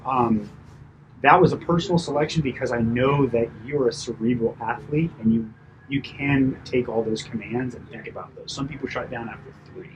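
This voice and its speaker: A man working as a personal trainer, giving a chatty, animated debrief after a client session, full of fillers and asides. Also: mid-range voice, normal speed, dull audio, noisy background. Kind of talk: casual coaching debrief.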